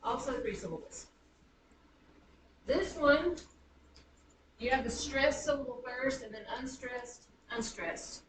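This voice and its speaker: A woman teaching a high school writing class, chanting the stress patterns of words aloud. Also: takes it slowly, distant mic, a little hiss or hum. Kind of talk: classroom lecture on poetic meter. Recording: echoey classroom recorded from afar.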